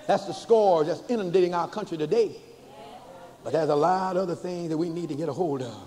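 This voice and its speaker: An older man, a bishop preaching a sermon to a church congregation, folksy and humorous, slowing to chanted emphasis. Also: on the high side, dark tone. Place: large church before a congregation. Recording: hall reverb with faint ambience, cassette.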